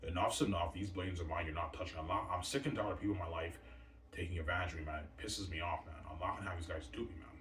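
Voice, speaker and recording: A man's voice: sits low, very fast, fairly bright tone. A man ranting in a rambling, agitated monologue, swearing a lot and repeating himself. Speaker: self-published author. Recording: echoey room, mic at a distance, faint ambient noise.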